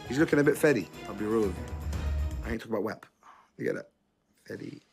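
A man talking fast and joking through a casual group game. His voice is mid-pitched and his speech rushes ahead. Faint music plays behind him. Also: creaky, a little mellow. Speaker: game player.

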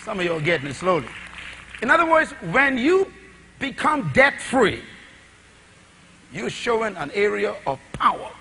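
A middle-aged man preaching a sermon, with dramatic swings between shouted lines and hushed asides, full of rhetorical questions. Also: high-pitched, big pitch swings, moderate pace, vocal fry, long pauses, a little hiss or hum.

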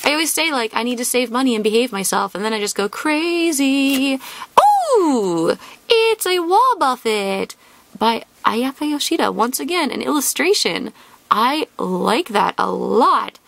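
A woman chatting casually and excitably as she opens card packs for her channel. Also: on the high side, moderate pace, vocal fry, no room sound. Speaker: trading card YouTuber. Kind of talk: casual chat while opening card packs.

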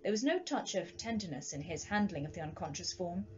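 A woman from Sheffield, England, giving a measured, dramatic reading of a classic ghost story. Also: lowish voice, sing-song, a little mellow, dull audio.

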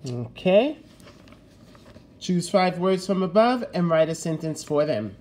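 A man's voice: high voice, sing-song, slow pace, darkish tone. A man teaching a fifth-grade lesson in a recorded video, giving patient step-by-step instructions.

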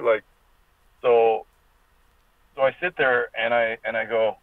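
A man's voice: medium pitch, flat delivery, unhurried, long pauses, no echo. A middle-aged man talking in a casual, rambling and profane way, as an interview guest speaking from his car over a video call. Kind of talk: casual chat. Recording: tinny call audio, dry.

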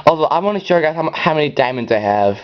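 Excitable rambling gameplay commentator, lo-fi. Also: male voice, quick pace. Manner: rambling, excitable, bursts into high yells. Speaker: gameplay channel host. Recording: dull lo-fi recording.

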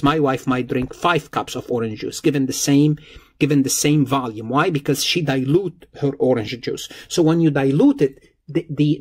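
A man's voice: fairly high pitch, slightly rough. A man lecturing on accounting in a recorded lesson, explaining patiently and repeating key points with everyday examples.

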